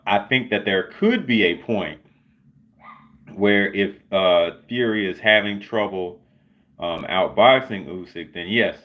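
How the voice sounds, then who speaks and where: A man's voice: low voice, fairly bright tone. A man hosting his own livestream, talking casually and sarcastically with many filler words. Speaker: livestream host. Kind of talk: casual solo livestream commentary.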